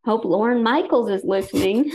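A woman's voice: fairly high pitch, moderate pace, darkish tone, husky. A woman co-hosting a comedy game show podcast, upbeat and reading the credits. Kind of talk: casual podcast chat.

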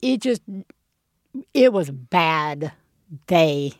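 Animated woman co-host telling stories. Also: drawn-out words, no echo, clean studio sound. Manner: animated storyteller, acts out her own shrill yelling. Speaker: podcast co-host. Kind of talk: casual chat.

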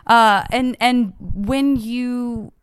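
A woman's voice: a little high, fairly even intonation, very slow, clear, resonant tone. A woman hosting a podcast, talking in a playful, emotional and self-mocking way. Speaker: podcast host. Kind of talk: podcast interview and fundraising message.

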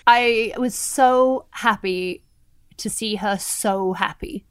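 A woman's voice: fairly high pitch, takes it slowly, clear, resonant tone, dry recording. A woman co-hosting a podcast, chatting animatedly and laughing easily. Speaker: podcast co-host. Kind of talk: casual wrestling chat.

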